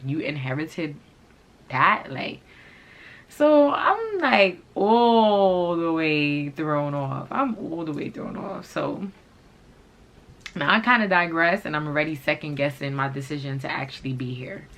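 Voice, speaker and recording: Low-voiced woman telling a profane storytime. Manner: animated, profane, slangy storytelling. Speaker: vlogger. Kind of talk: casual storytime.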